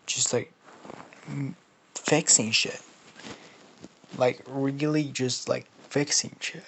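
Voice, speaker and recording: A man's voice: mid-range voice, creaky, a little hiss or hum, rough recording. A sleepless man improvising a fan story, rambling and swearing, full of fillers. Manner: rambling, filler-heavy and profane.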